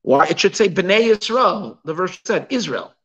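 A Torah teacher leads a text study class, asking rhetorical questions and weaving Hebrew and Yiddish terms into his English explanations. His voice sits high and is expressive and a bit bright, at a moderate pace, and the recording sounds lo-fi.

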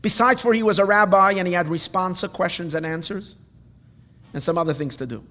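Male Torah teacher, high voice, long reverb of a hall, questioning lecture style. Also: a little fast, sharp tone. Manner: questioning, explains Hebrew phrases with translations.

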